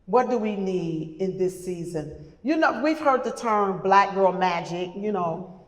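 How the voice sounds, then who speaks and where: A woman's voice: mid-range voice, lively intonation, measured pace. A middle-aged woman hosting a live podcast panel, introducing guests with effusive, repeated words of praise. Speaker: podcast host. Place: retreat event room with live audience. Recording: roomy hall with long reverb.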